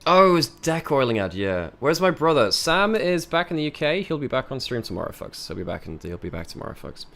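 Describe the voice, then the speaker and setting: A man's voice: mid-range voice, big pitch swings, a little fast, creaky, a bit bright. A British man hosting an esports stream, chatting casually with frequent stammering restarts. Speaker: esports caster and stream host. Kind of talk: casual live-stream chat.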